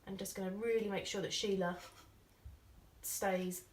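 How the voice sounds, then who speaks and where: A woman's voice: medium pitch, steady tone, a little slow. A woman, a makeup artist talking through a look in casual, playful chat as she works. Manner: chatty, playful, giggly asides. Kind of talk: casual tutorial chat while working. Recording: slightly distant mic with faint noise.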